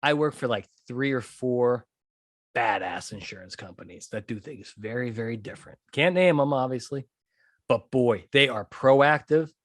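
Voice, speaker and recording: A man hosting a litigation psychology podcast, ranting in a lively, animated way and laughing often. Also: mid-range voice, moderate pace, no echo, clean studio sound. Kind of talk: solo podcast rant.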